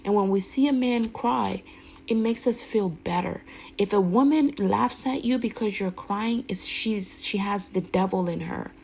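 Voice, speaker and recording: A woman's voice: medium pitch, gravelly, darkish tone, a little hiss or hum, low-quality recording. A woman speaking candidly in a rambling, emphatic way, often restarting her sentences. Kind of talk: candid personal monologue.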